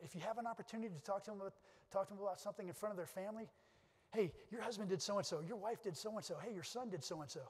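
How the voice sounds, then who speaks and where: Middle-aged male keynote speaker, quick earnest delivery, lingering hall reverb. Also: high-pitched, darkish tone, breathy edge. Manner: earnest storytelling with repeated restarts. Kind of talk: motivational speech with personal stories. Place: conference hall.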